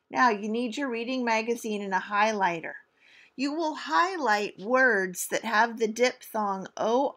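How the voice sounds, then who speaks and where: Teacher lady, slow and careful, kinda high voice, drawing out sounds for kids. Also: fairly bright tone. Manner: slow, deliberate, stretches out sounds. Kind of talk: recorded spelling lesson for students.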